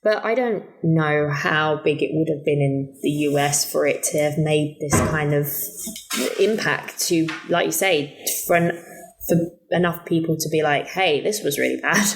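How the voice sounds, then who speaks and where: Low-voiced woman in casual film chat. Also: unhurried, low-quality recording. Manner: chatty, hesitant with many fillers and restarts. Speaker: podcast co-host.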